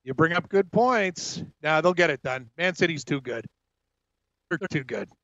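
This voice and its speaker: A man co-hosting sports radio, giving brisk score updates and joking banter with frequent laughs. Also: a little high, lively intonation, a bit bright, no echo, dull audio. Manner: brisk, jokey, laughs often.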